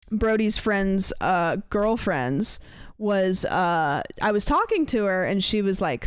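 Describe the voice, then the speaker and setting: A woman's voice: mid-range voice, clean tone, dry recording, clean studio sound. An American woman streamer chatting casually, telling a long story with lots of fillers and restarts. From United States. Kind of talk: casual livestream chat.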